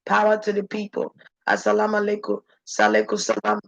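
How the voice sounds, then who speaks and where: A woman's voice: big pitch swings, fairly quick, vocal fry, highs cut off. A woman speaking as a channeler in an intense, preachy spirit-channeling monologue. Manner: intense, preachy, shifting pitch.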